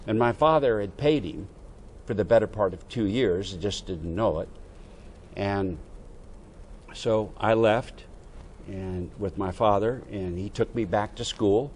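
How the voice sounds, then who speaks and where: An older American man, a veteran, telling a lively story from his youth and acting out the dialogue. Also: on the low side, measured pace, a little hiss or hum. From United States. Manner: animated anecdote-telling with quoted dialogue. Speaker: veteran interviewee. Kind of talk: oral history storytelling.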